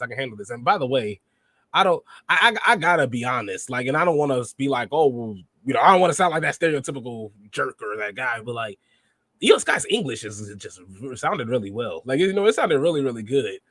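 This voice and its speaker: A man hosting a podcast, recapping wrestling in an animated, rambling way and acting out quotes. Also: medium pitch, fairly quick, no echo. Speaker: podcast host.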